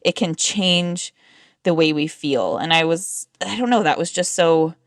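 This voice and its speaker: A woman's voice: low voice, a little slow, no echo, studio quality. Earnest, reflective woman co-host. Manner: earnest and reflective, with many fillers. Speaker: podcast co-host. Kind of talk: casual faith podcast chat. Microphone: recorded over a computer call.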